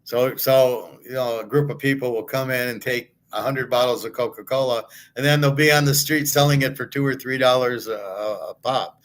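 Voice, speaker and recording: A man's voice: medium pitch, normal speed, few pauses, a bit bright. A middle-aged man, a sports handicapper, delivering a blunt, indignant monologue full of swearing and rhetorical questions. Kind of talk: ranting monologue.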